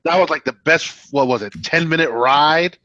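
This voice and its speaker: Bright-voiced man joking about a movie. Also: on the high side, moderate pace, dull audio. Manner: laughs often, joking asides. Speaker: movie review co-host. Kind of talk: casual movie review chat.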